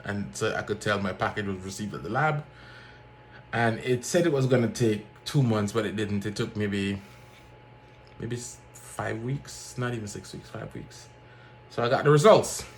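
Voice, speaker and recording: Low-pitched man, casual storytelling, animated, faint background hiss. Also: normal speed. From Jamaica. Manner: animated, acts out other people's lines in a raised voice. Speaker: vlogger.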